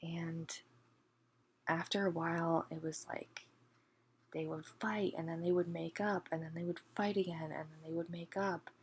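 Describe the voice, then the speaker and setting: A woman ranting in a casual book review, exasperated, often hushed to a half-whisper and peppering her talk with "like". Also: on the low side, steady tone, moderate pace, slight background noise.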